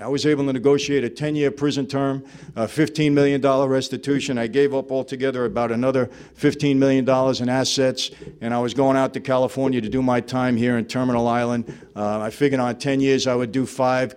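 A man's voice: mid-range voice, darkish tone, clean tone. New man telling his testimony. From New York. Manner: conversational storyteller, acts out dialogue, frequent "you know". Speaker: speaker giving a personal testimony. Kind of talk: testimony talk to a live audience.

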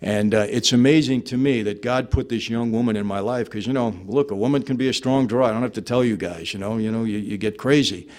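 A man's voice: medium pitch, brisk, hardly any pauses, darkish tone. A man, telling his personal testimony to an audience in a conversational way and acting out bits of dialogue. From New York. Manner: conversational storyteller, acts out dialogue, frequent "you know". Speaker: speaker giving a personal testimony. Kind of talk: testimony talk to a live audience.

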